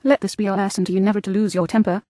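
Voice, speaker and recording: A woman's voice: mid-range voice, level tone, rapid-fire, warm tone, dry recording, studio quality, close to an everyday voice. A woman voicing a preachy old mother crab lecturing her daughter in a storybook. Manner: moralizing.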